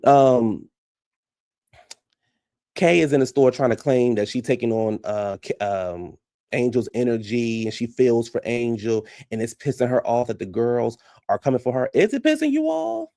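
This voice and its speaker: A man giving casual, profane reaction commentary on a reality show, blunt and animated, often laughing. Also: medium pitch, unhurried, dry recording, clean studio sound.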